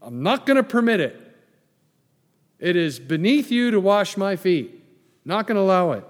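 Stubborn protesting disciple guy, pastor doing the voice, kinda high and insistent, echoey hall. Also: sing-song, normal speed. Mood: indignant. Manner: insistent, indignant. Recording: long reverb in a large hall.

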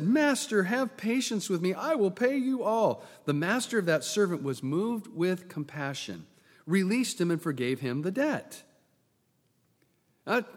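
A man preaching a sermon, swinging from loud bursts to hushed near-whispers and acting out the voices in his story. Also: fairly high pitch. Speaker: pastor. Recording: long hall reverb.

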